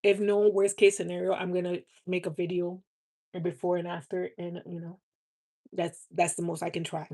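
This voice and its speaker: A woman's voice: lowish voice, little pitch movement, normal speed, warm tone. A woman talking earnestly and from the heart on a casual live stream, often repeating words for emphasis. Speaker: live streamer selling cosmetics.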